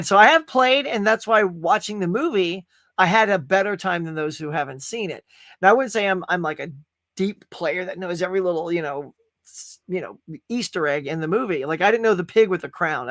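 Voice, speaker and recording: A man's voice: high-pitched, expressive, brisk, a bit bright, no echo. A middle-aged man hosting a casual livestream podcast from a home studio, rambling and laughing often as he talks to the chat. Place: home studio room with toys.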